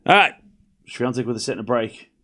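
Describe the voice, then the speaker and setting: A man's voice: mid-range voice, brisk. A young man streaming a live tennis watchalong, calling points casually and teasing his chat. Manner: relaxed, teasing with chat, breaks into laughter. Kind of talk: casual live play-by-play commentary.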